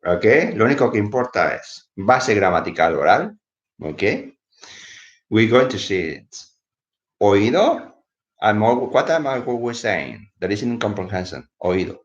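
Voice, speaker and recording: A man's voice: on the low side, very animated, moderate pace. Sleepy man teaching English. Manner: switches between English and Spanish, explaining words. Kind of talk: casual live video lesson. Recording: echoey room, dull lo-fi sound.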